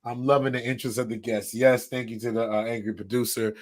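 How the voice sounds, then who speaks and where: A man hosting a podcast in casual chat, animated and laughing, swinging between loud outbursts and quiet asides. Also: mid-range voice, fast. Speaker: podcast host.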